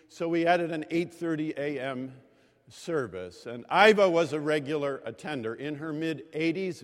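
Storytelling preacher in a reverberant chapel. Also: male voice, fairly high pitch. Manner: storytelling with measured pauses and emphasis. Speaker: pastor. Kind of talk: sermon. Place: large chapel.

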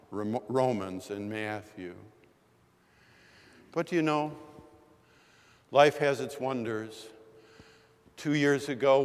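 A man in his sixties preaching a sermon in a chapel, telling a story in a measured, unhurried way. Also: mid-range voice. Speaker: pastor. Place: large chapel. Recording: long reverb of a chapel.

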